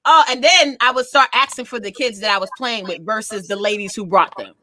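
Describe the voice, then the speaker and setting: A woman's voice: fairly high pitch, a little fast, no room sound. A woman co-hosting a casual chat show, telling family stories and acting out her relatives' voices. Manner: animated storyteller, acts out relatives' voices. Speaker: co-host.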